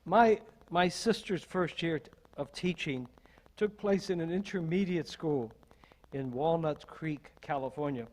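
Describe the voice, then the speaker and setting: An older man, an associate minister, delivering a sermon in a measured, deliberate way with strings of rhetorical questions. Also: on the high side, rough recording.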